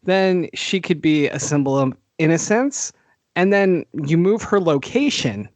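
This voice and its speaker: A man's voice: fairly high pitch, lively intonation, a little slow, dry recording. A man co-hosting a podcast, teasing his co-host and laughing often. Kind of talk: casual chat.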